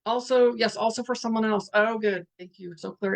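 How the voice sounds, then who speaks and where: A woman's voice: mid-range voice, level tone, moderate pace, hardly any pauses. Middle-aged woman facilitator, earnest and blunt, spiritual talk delivery. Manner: candid, earnest, swears, reads out participants' messages. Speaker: workshop facilitator.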